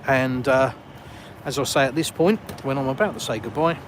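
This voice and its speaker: A man from England, southern English accent, hosts a live stream on foot in a village, reading out comments and chatting casually in a self-deprecating way. His voice is mid-range and his pace moderate. Passing cars and street noise crowd the noisy outdoor phone stream.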